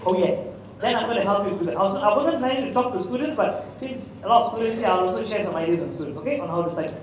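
A middle-aged man with a Malaysian English accent gives a humorous public talk in a large festival hall, telling anecdotes and quizzing his audience. His high-pitched voice is animated and racing, with crowd noise around him. The mic sits at a distance in the echoey hall.

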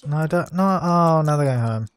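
A man's voice: fairly high pitch, lively intonation, a little fast, clear, resonant tone. A young man casually commenting on a life-sim game while he plays, chatty and easily exasperated, laughing at its mishaps. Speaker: let's play gamer.

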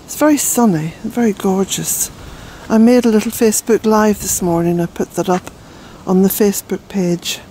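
A woman's voice: mid-range voice, moderate pace, few pauses, mellow, a little hiss or hum, low-quality recording. Breathless older woman in a garden. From Ireland. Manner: rambling, chatty, with fillers. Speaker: vlogger, gardener. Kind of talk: casual walk-and-talk narration. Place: outdoor garden.

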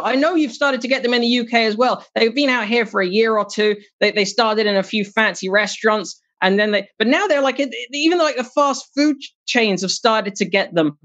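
A stand-up comedian performs a set from home over a video call, animated and quick to mock, slipping into sneering put-on voices and laughing at their own jokes. The voice sits in the mid range, and the audio is dull and lo-fi.

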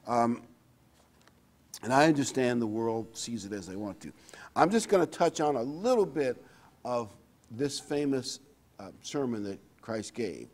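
A man preaching a sermon in a relaxed, conversational way, reading scripture aloud between his own remarks. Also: mid-range voice, measured pace, pauses often. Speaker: pastor.

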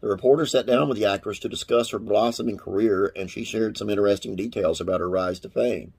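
A man with a low, husky voice reads classic TV trivia to his viewers. He talks in a folksy, rambling way, slips off into asides, and closes with religious blessings. A gravelly rasp runs under his words. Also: fast talker, darkish tone. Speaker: classic TV trivia channel host. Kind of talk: reading trivia to camera with casual asides.

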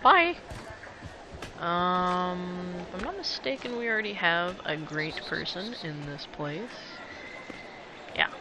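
A man narrates his strategy game in a loose, joking way, chatting with the units on screen and breaking into excited yelps. His voice sits a little high for a man. Loud game music plays under him the whole time. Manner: playful, jokey, talks to game characters, sudden excited yelps. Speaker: gamer narrating a let's play. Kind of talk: casual let's play commentary.

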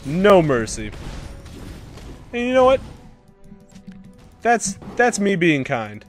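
Brief: young male gamer, commentating his own match, pitch jumps all over, faint music behind. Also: slow. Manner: excitable, swearing, shouting bursts. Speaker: gaming commentator. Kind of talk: live gameplay commentary.

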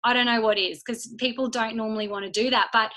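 A woman's voice: on the high side, steady tone, quick pace, bright, forceful tone, rough recording. A young woman giving a chatty motivational talk to her team, acting out little inner voices and phone calls. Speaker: team leader speaking to her business team.

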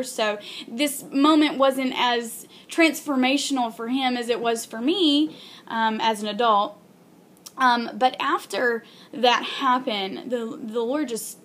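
Young woman, casual faith vlog, earnest, halting, lots of ums, higher voice, faint background noise. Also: fairly bright tone. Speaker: video blogger.

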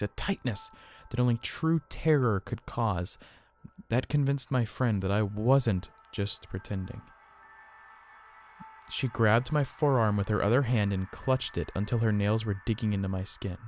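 A man narrating a first-person horror story in a tense, hushed storytelling manner. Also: lowish voice, moderate pace, slight background noise.

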